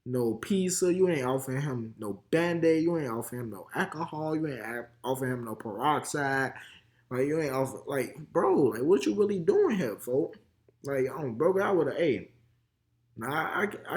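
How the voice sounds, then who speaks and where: A man's voice: on the high side, darkish tone. A young man with a Chicago accent giving heated, slang-heavy reaction commentary. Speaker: reaction video host.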